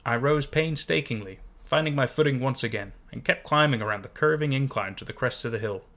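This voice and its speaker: A man narrating a scary story in a measured, hushed way. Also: medium pitch. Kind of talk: scripted horror story narration.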